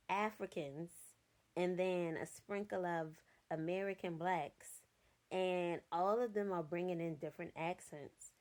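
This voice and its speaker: A woman's voice: lowish voice, a little mellow. A young adult woman giving a casual, blunt and profane film review from her notes, sounding exasperated.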